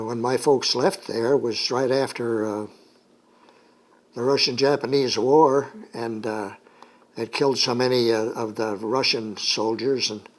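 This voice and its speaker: An older man recalls his childhood in an oral history interview. His voice sits at a medium pitch, and he talks in halting, rambling stretches full of fillers. He comes from the United States.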